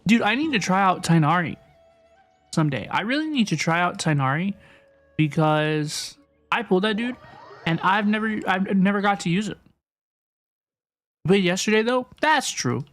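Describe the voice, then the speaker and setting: A man's voice: high voice, expressive, moderate pace, long pauses, fairly bright tone, soft background music. A young man streaming a video game, chatting playfully with his viewers and often repeating his phrases. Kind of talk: casual live-stream chat while gaming.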